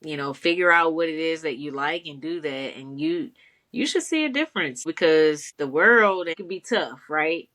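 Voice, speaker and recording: Give me a low-pitched woman podcast co-host, easygoing and encouraging. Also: expressive, normal speed, fairly bright tone. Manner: easygoing, encouraging, laughs often. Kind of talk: casual chat.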